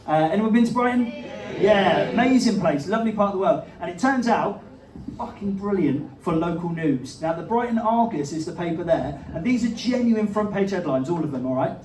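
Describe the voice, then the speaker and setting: A higher-voiced man doing stand-up, chatty and quick to laugh at himself. The sound is roomy and distant, caught from across the venue. Audience laughter rolls in behind him. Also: animated, a crowd in the background. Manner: chatty, self-mocking, laughs at his own jokes. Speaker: stand-up comedian. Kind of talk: live stand-up set. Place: live comedy venue with an audience.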